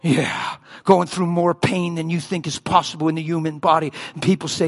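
A man preaching a passionate sermon, telling stories, swinging between loud bursts and hushed lines. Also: on the high side, normal speed.

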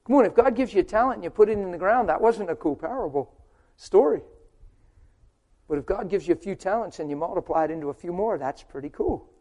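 A man preaching a sermon, asking rhetorical questions and swinging from loud, driving emphasis to hushed storytelling. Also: high voice, lively intonation, fast talker. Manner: asks the crowd rhetorical questions.

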